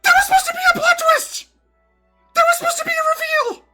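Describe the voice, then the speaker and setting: A woman's voice: fairly even intonation, quick pace, soft background music, heavily acted. A woman voicing an exasperated goddess sister who shrieks and scolds her brother. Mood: shrieking. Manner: shrill, scolding, shouting in bursts.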